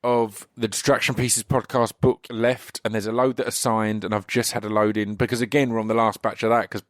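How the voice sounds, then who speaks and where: A man with an English accent hosting a podcast, his voice slightly croaky, chatting casually in a rambling way with many restarts. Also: fairly low pitch, little pitch movement, fairly quick, no echo, clean studio sound. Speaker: podcast host. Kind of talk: casual solo intro.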